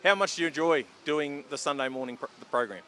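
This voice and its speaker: A man's voice: fairly high pitch, fast, bright, forceful tone, slight background noise. An Australian man asking short, friendly questions as an interviewer, outdoors at a racetrack. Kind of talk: casual on-course interview.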